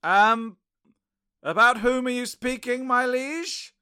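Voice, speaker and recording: An excitable, fussy man in a scripted comedy sketch. His voice sits high and bright, and the delivery is lively. The sound is close and dry. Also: slow pace, clear, resonant tone, no room sound. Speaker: comedy podcast regular.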